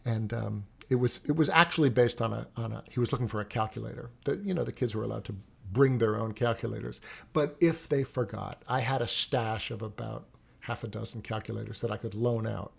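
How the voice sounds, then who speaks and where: In a lowish, creaky, slightly rough voice, a middle-aged poet and teacher talks fairly quickly in a casual interview. He tells rambling stories and keeps restarting his sentences.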